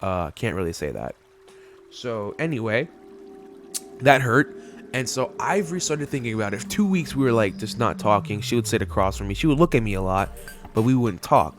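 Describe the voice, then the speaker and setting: Over loud background music, a young gaming channel host curses his way through a meandering personal story as he plays. He has a lowish, expressive voice and talks at normal speed.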